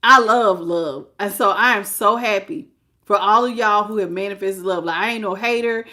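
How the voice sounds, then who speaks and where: A middle-aged woman reading tarot on a live stream, animated and exclamatory, greeting her viewers by name. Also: medium pitch, moderate pace. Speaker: tarot reader.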